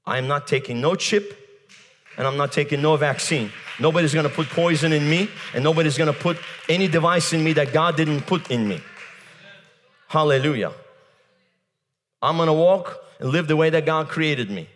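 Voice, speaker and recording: Man, fiery preacher, shouting, speaking in tongues, forceful tense voice, higher-pitched. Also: moderate pace. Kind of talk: fiery sermon. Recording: long hall reverb.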